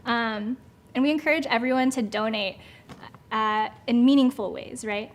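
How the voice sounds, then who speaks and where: Bright-pitched woman host, casual hype energy, slight room noise. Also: moderate pace. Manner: chatty, laughs often, hype-style. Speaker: event co-host. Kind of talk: casual live event hosting.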